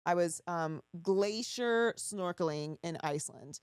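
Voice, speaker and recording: A woman's voice: fairly low pitch, darkish tone, smooth, no room sound, clean studio sound. Curious woman podcast host. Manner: curious, asks quick follow-up questions. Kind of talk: casual interview chat.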